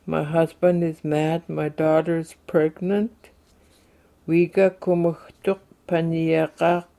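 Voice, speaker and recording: For a language lesson, a man slowly reads short everyday phrases in English and then says each one in his native language. His voice is a little high and mellow, with vocal fry.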